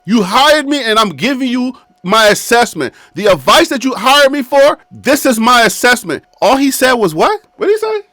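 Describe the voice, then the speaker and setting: Man, 50s, sports commentator, high voice, emphatic, repetitive, talks straight to the team, dry studio sound. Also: expressive, moderate pace, hardly any pauses, bright, forceful tone, no room sound. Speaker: sports video host. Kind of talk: casual sports commentary to camera. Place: his own studio, seated.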